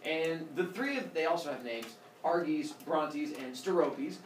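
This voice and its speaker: A man telling a myth aloud to a group, animated and quizzing his listeners as he goes. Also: on the high side, measured pace. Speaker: storyteller. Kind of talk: lively oral storytelling to a listening group. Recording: roomy, distant mic, faint noise.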